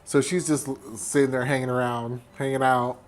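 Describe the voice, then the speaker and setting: Tipsy man doing a profane movie recap. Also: medium pitch. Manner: animated, profane, mimics characters in quick bits. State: tipsy from wine. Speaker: host.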